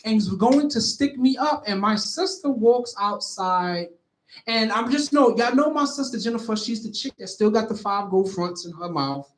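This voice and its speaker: A man's voice: high-pitched, lively intonation, moderate pace. A man, telling stories in casual talk-show chat, full of "you know" fillers and street slang. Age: 50s. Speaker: co-host. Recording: roomy echo.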